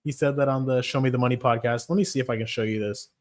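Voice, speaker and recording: A man's voice: mid-range voice, fairly even intonation, very fast. A man on a casual livestream, talking about fights in a blunt, rambling, profane way. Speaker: streamer.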